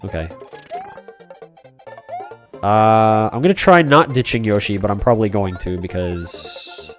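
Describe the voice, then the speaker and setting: Man, game streamer, casual rambling chat, lowish pitch, faint music behind. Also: measured pace, fairly bright tone. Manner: chatty, rambling, talks to chat by name, many fillers and restarts. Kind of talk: casual live-stream chat while playing.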